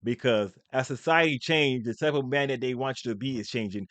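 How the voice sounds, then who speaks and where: A man's voice: mid-range voice, fairly quick, fairly bright tone, no echo. A man giving blunt, opinionated commentary in a casual, rambling way, with frequent restarts. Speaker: commentary video host.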